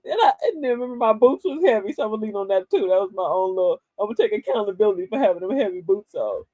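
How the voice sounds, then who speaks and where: Older woman, livestream host, husky tone with a lively, swooping pitch, laughs a lot. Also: no room sound. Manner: animated storyteller, laughs often; slow, emphatic reading of affirmations. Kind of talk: casual motivational livestream talk.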